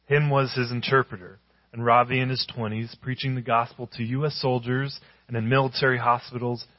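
A male pastor delivering a sermon in a storytelling way, pausing and slowing down on key lines. His voice sits in a middle pitch. The sound is dry and somewhat dull. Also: level tone, dry recording. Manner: storytelling with emphatic, slowed-down phrases.

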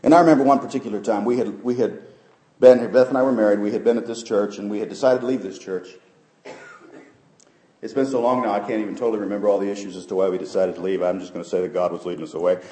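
Middle-aged male pastor, sermon with testimony, quiet asides to loud peaks, echoey church room. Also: fairly even intonation, quick pace. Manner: swings from soft, low asides to loud, high preaching peaks. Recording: roomy church sound.

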